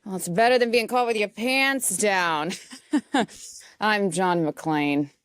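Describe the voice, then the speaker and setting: A woman's voice: medium pitch, slow, dry recording, studio quality, natural voice. A woman playing a tough male New York cop who swears and cracks wise. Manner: gruff swearing, wisecracks.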